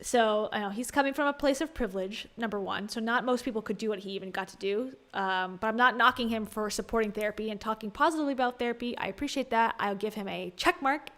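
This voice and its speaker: Chatty woman streamer with a slightly high voice, exasperated, reacts to a podcast and to her chat. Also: fast, few pauses, fairly bright tone. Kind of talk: casual livestream commentary.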